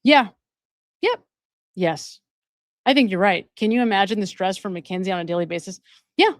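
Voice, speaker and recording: A woman hosts a live stream in an emphatic, conversational way, often repeating phrases to drive a point home. Her voice sits in a middle pitch. The sound is dry and close, with no room echo. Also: lively intonation, normal speed. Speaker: host and addiction counselor. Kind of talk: live-stream commentary, reading viewer donations.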